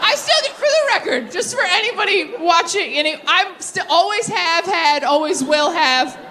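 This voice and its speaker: A young woman doing live stand-up and crowd work, brash and profane, with quick tangents. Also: very high voice, expressive, pushed and bright, a little hiss or hum. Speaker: stand-up comedian. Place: comedy stage before a live audience.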